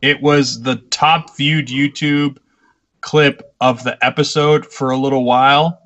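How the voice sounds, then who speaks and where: A young man with a bright, forceful voice, chatting on a casual podcast. He tells lively backstage stories about his matches and curses freely. His tone stays crisp and energetic. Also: medium pitch, a little slow, dull audio. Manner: animated storyteller, swears casually. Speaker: podcast co-host, pro wrestler.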